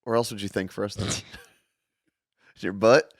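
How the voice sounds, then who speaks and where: A man's voice: on the low side, steady tone, slow, dry recording, studio quality. A man co-hosting a casual show, teasing his co-host with wry remarks. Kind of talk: casual chat.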